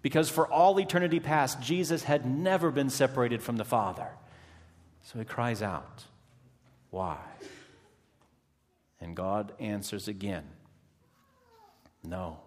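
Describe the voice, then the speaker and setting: A man preaching a sermon, swinging dramatically between hushed, quiet lines and impassioned, raised ones. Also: mid-range voice, slow pace, long pauses, in a large hall.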